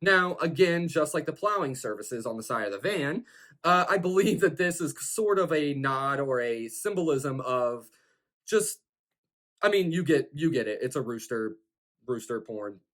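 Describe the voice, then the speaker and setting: A man with a slightly higher-pitched voice talks through a horror film scene by scene. His delivery is casual and loose, and he keeps circling back with "like" and "you know" as he goes. It sounds like an informal review video. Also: animated, moderate pace, fairly bright tone. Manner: rambling, full of "like" and "you know".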